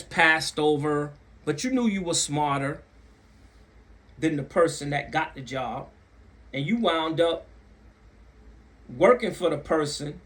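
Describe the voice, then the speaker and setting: A chatty man telling a story. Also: fairly bright tone. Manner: conversational, repeats phrases for emphasis; acts out other people's voices with big pitch jumps. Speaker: channel host telling a story. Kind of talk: casual storytelling to camera.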